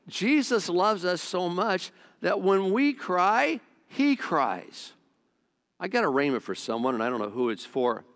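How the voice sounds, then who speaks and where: A middle-aged man preaching a sermon as a pastor, earnest and conversational, often repeating himself and speeding up or slowing down. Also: high-pitched. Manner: earnest, repetitive, conversational preaching with shifting pace. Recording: long hall reverb.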